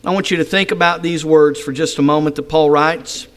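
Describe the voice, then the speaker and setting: A man preaching a sermon, reading scripture aloud and explaining it with strong emphasis, at times dropping to a soft voice. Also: on the high side, fairly even intonation, a little fast.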